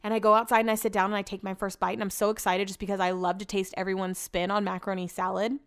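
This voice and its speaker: A woman's voice: mid-range voice, quick pace, smooth. Chatty woman telling stories casually. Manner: chatty, animated, lots of "like". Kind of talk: casual storytelling chat.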